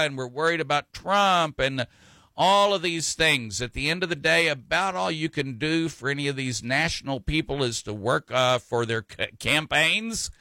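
A man's voice: fairly high pitch, moderate pace, sharp tone, dry recording. A man hosting a radio talk show, chatting in a folksy, rambling way with frequent fillers and restarts. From Texas.

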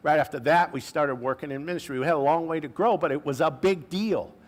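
A man with a slightly high voice delivers a sermon as a pastor. He talks to the congregation in a loose, chatty way, full of asides and slang. Now and then he slows right down to lean on a key phrase. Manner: conversational, with casual asides and slang; preaching with slow emphatic stresses on key phrases.

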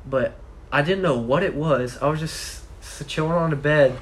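A man's voice: fairly high pitch, normal speed. Teen guy chiming in, faint noise. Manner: chiming in with quips and slang. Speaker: friend in chat. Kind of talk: casual chat.

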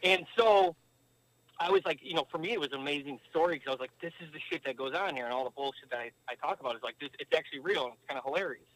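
A man from the States tells a rambling story as a guest, with lots of fillers along the way. His voice sits a touch high for a man and swings lively in pitch as he gets going. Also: rapid-fire, no room sound, poor audio. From United States. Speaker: guest, former pro hockey player. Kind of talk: casual storytelling interview.

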